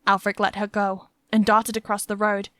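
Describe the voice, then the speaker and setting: A woman narrating a fantasy audiobook in a steady, tense storytelling manner. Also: mid-range voice, moderate pace, no echo, studio quality. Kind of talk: scripted narration.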